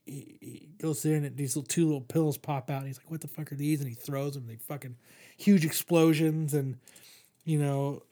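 Young male host, slightly high voice, loose and swearing, lots of restarts. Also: fairly even intonation, normal speed, dark tone. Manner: rambling, profane, lots of fillers and restarts. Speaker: podcast host reviewing comics. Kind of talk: casual chat.

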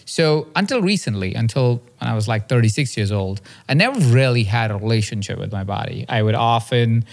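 A man's voice: mid-range voice, expressive, brisk, gravelly. A man in his thirties, a podcast host and coach, telling a personal story in an earnest, confessional way and often checking in with "right?". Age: 30s.

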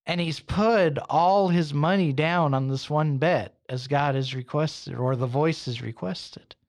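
A man hosting a podcast, narrating a story in an unhurried, conversational way with casual asides. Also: on the high side. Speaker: podcast host.

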